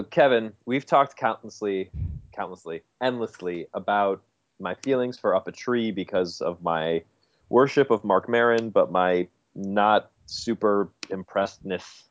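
A male podcast co-host with a lowish voice ribs the others in a teasing, mock-offended way. His mic sounds dull and lo-fi. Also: normal speed, no room sound. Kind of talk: casual podcast banter.

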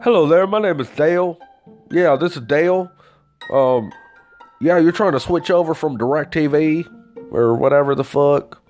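A man's voice: mid-range voice, steady tone, unhurried, darkish tone, smooth, soft background music, lightly acted. A man voicing a male phone sales supervisor with a country twang and breezy sales patter. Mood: breezy salesy.

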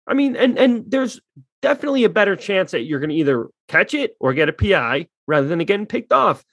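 A man's voice: sits high, sing-song, fast talker, a bit bright, breathy edge, dry recording. Blunt, heated sports talk man. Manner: blunt, heated, swears freely. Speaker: podcast co-host.

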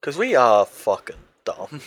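Male podcast co-host, bright forceful tone, lively swings, playful and sweary. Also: mid-range voice, measured pace, no room sound. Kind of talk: casual chat.

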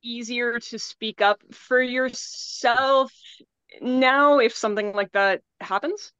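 A woman guest on a casual podcast, talking in an animated, humorous way and acting out voices. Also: a little high, slow pace, clean tone, no room sound, muffled recording. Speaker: guest, adaptive climbing founder. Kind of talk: casual chat.

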